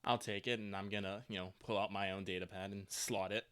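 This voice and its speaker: A man, a player in a tabletop game, talking in a relaxed, casual way. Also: fairly low pitch, a little fast, clear, resonant tone.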